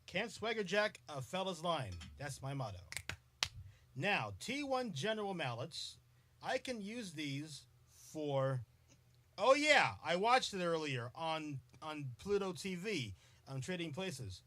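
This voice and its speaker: Playful man with a lively, bright voice. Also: a little high, unhurried. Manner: playful, giggly, chatting with commenters. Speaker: podcast host. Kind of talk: casual live-stream chat.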